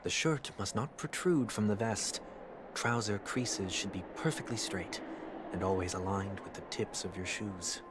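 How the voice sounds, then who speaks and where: A man's voice: lowish voice, background noise, natural voice. An actor as a formal, proud young man. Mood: measured. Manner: measured, formal and orderly. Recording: game audio with loud music behind.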